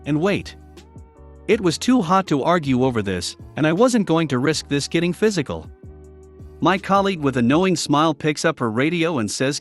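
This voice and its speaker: Male narrator, slightly high voice, lively reddit story read with faint music underneath. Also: normal speed. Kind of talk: scripted narration of reddit stories.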